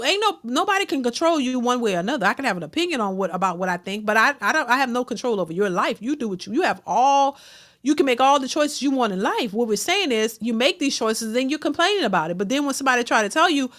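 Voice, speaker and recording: A woman's voice, a touch higher than average, pressing her point in a casual commentary rant. She repeats herself for emphasis, preaches, and slips into mocking voices. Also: sing-song, brisk, fairly bright tone. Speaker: reaction channel host.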